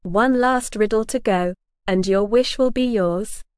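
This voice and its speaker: A woman voicing a wise, dapper old male frog who keeps riddles, speaking in a formal, measured way. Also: mid-range voice, clear, resonant tone, no echo, clean studio sound, lightly acted.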